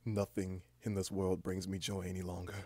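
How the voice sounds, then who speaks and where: Rambling young man, low dry voice. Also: no room sound. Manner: rambling and halting, with many restarts; deadpan, self-mocking humor. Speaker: livestream host. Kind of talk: casual livestream chat.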